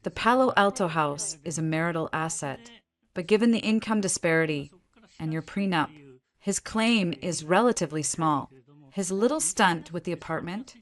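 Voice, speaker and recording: Playing a brisk, ruthless divorce lawyer in her fifties, a woman speaks in curt, clipped, commanding sentences. Her pitch sits fairly low, close to an everyday voice.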